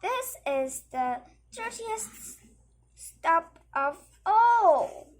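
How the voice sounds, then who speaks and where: Woman doing a neat farmer's wife from a picture book, high voice, slow halting read. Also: very animated, full character voice. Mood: fussy. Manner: halting storybook reading with slips. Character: tidy farmer's wife, brisk.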